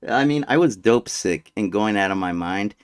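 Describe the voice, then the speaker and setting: A man's voice: lowish voice, expressive, moderate pace, dry recording, clean studio sound. Rambling male vlogger telling crude stories offhand. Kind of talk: casual storytelling. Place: desert near the border.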